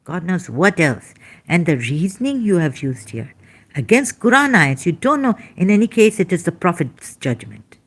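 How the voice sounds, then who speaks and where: A woman's voice: lowish voice, big pitch swings, normal speed, slightly rough. A woman in pain giving an emphatic, rambling lecture, scolding her listeners. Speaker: religious critic. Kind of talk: lecturing monologue.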